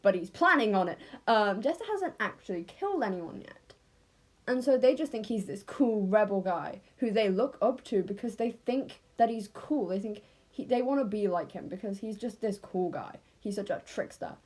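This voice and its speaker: A woman's voice: mid-range voice, lively intonation, moderate pace, a little mellow. Rambling English woman, unscripted. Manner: rambling, self-correcting. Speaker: storyteller. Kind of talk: unscripted casual storytelling.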